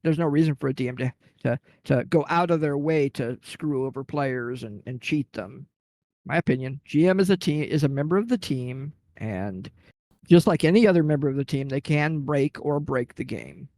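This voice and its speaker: Animated storytelling man, dry mic. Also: on the high side, normal speed, no echo. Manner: rambling, animated anecdote with acted-out quotes. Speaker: podcast guest telling a gaming story. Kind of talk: casual storytelling chat.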